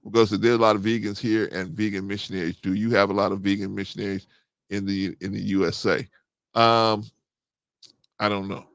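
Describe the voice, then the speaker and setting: Gravelly low-voiced middle-aged man. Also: brisk, no echo, clean studio sound. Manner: animated, rising to excited high pitch when agreeing. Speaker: host. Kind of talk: casual livestream talk reading chat.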